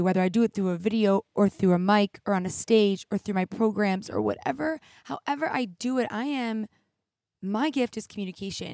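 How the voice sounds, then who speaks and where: Teary woman podcasting alone, gravelly. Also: mid-range voice, a little mellow, no echo, clean studio sound. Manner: candid, reflective, heavy use of "like". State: teary, crying at times. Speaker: podcast host. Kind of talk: emotional solo podcast monologue. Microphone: studio mic with headphones.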